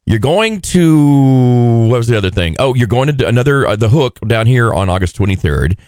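A man's voice: lowish voice, animated, quick pace, darkish tone, no echo, studio quality. A man hosting a casual morning radio show, bantering and joking with his co-host. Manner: joking, playful. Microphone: studio microphone.

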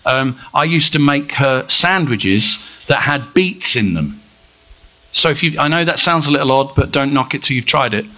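English male musician guest, bright tone, loose rambling chat with dry jokes. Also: medium pitch, lively intonation, normal speed, rough recording. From England. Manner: rambling, self-correcting, wry humor. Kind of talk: casual interview chat.

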